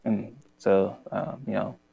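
A man co-hosting a casual podcast, halting and stumbling over his words. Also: fairly low pitch, level tone, creaky, breathy edge, no echo, phone-quality sound. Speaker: podcast co-host. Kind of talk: casual chat.

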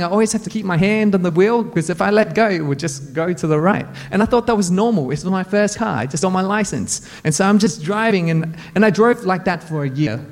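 A pastor preaching a sermon to his church, telling funny personal stories in an animated way. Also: sits high. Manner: animated, humorous storytelling. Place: church in front of a congregation.

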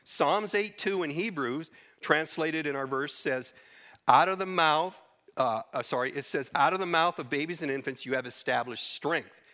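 A man's voice: a little high, normal speed, sharp tone. A middle-aged man preaching a sermon, teaching through Bible verses earnestly with occasional restarts.

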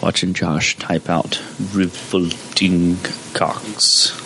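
A man's voice: low-pitched, flat delivery, drawn-out words, noisy background. A man hosting a stream, chatting casually and joking while playing clips. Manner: joking, laid-back, swearing. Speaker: stream host.

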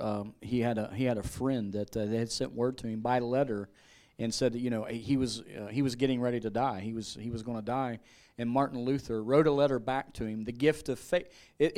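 Man church speaker, mid-pitched, halting, full of restarts. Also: a little mellow. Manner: halting, many fillers and restarts. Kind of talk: informal teaching on scripture.

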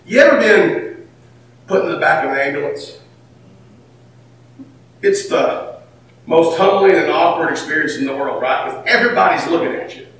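A man preaching a sermon, swinging between loud, shouted lines and near-whispered asides. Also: fairly high pitch, animated, normal speed, pauses often, a little hiss or hum. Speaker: pastor. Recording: echoey hall from far off, faint ambience.

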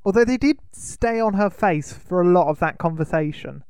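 A man's voice: high-pitched, expressive, moderate pace, darkish tone, clear, resonant tone, dry recording, studio quality. A man co-hosting a podcast in casual chat. He teases his co-host and keeps the talk moving. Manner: teasing, steers the talk along.

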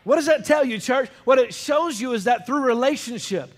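Emphatic high-voiced male preacher. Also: animated, moderate pace, a faint crowd. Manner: emphatic, calls out questions to the congregation. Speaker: pastor. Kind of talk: sermon.

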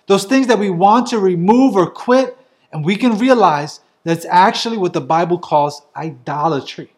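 A man preaching a sermon, earnest and emphatic, driving his points home with lists of short phrases. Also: high voice. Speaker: pastor.

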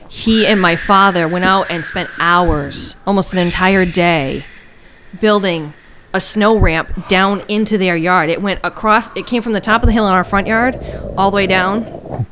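A woman's voice: lowish voice, measured pace, fairly bright tone, a little hiss or hum. A woman co-hosting a podcast, chatting casually and telling a story in a teasing, talkative way. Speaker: podcast co-host. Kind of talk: casual chat.

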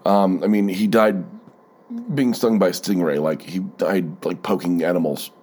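A man's voice: sits low, a little slow, a little mellow. Rambling, sardonic male podcast host. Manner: rambling, profane, sardonic storytelling with many fillers. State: stuffy, keeps blowing his nose. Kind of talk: solo podcast monologue.

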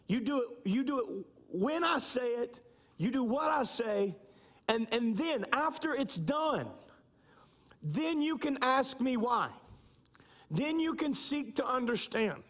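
A middle-aged man preaching a sermon as pastor, emphatic and slowing down to stress key points. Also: very high voice, expressive, a bit bright.

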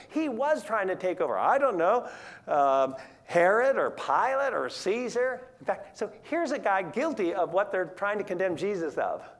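A preacher gives a Bible teaching with a pitch that leaps and swoops all through. The delivery is informal and chatty, with scripture retold in plain modern phrasing. Questions are thrown out to the listeners along the way. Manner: conversational, paraphrases scripture in plain modern words; animated, asks the audience questions.

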